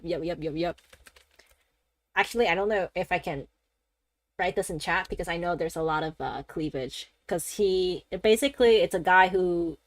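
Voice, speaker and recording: A woman streamer chatting casually during a game, rambling and animated, laughing often and swearing freely. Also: on the low side, no room sound. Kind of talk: casual gaming-stream chat.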